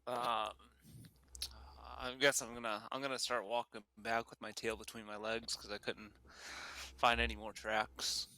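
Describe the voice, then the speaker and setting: Bright-voiced man, tentative player. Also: mid-range voice, level tone, measured pace. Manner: tentative, hedging. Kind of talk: casual tabletop play.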